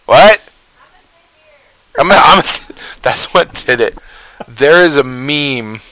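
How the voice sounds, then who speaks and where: A man's voice: on the high side, animated, takes it slowly, bright, forceful tone, no room sound, poor audio. A man co-hosting a podcast, chatting casually and telling rambling, tangent-filled stories. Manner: rambling, tangent-prone storyteller. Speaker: podcast co-host. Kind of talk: casual chat.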